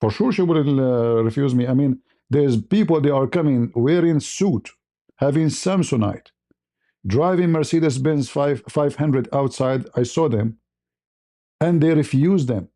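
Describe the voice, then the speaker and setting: A man from the Middle East hosting a livestream, spinning a personal story in loose, broken English. His voice is very dark and mellow, sitting at an ordinary pitch. He keeps breaking into chuckles as he talks. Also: measured pace. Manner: chuckles often while telling, broken conversational English. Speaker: channel host.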